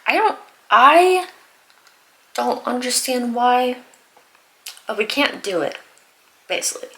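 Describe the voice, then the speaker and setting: A young woman vlogger telling exasperated, animated stories about customers at work in a casual storytime while doing her makeup. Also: a little high, slow, low-quality recording. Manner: exasperated, animated retelling with laughs and sighs. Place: home, getting ready in front of the camera.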